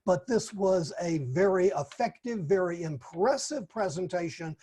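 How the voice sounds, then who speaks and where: A man giving a formal, encouraging speech evaluation over a video call, speaking in a measured way with deliberate pauses. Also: sits high, lively intonation, mellow.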